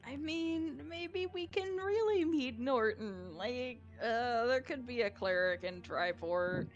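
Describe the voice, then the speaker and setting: A woman's voice: a little high, expressive, slow, lo-fi sound, faint music behind. A woman playing a tabletop game, tentative and giggly. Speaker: player. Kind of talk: tabletop role-play.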